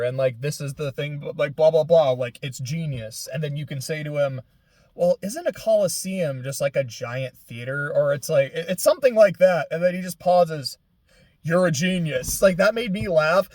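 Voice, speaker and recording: A young man talks through a video game in a loose, rambling way, full of fillers and restarts. His voice sits a little high for a man. The sound is close and dry, with no room around it. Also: no room sound. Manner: rambling, filler-heavy, laughs through near tears. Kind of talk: casual gaming chat.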